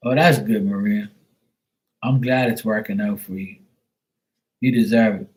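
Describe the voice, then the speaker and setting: A man talking casually to his livestream viewers, blunt and quick to swear. His voice sits low and sounds husky. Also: steady tone, darkish tone, rough recording. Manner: profane, blunt, chatty. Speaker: live tarot reader streamer.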